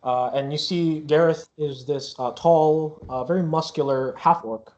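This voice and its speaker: A man's voice: on the high side, unhurried, darkish tone, muffled recording. A man narrating as game master of a tabletop game, rambling with many fillers.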